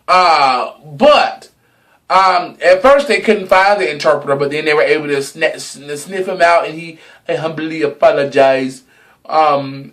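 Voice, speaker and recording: A man's voice: fairly high pitch, animated, unhurried, a bit bright. A young man in a casual gossip vlog, sassy and dramatic, swearing freely and stretching words for emphasis. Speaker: vlogger.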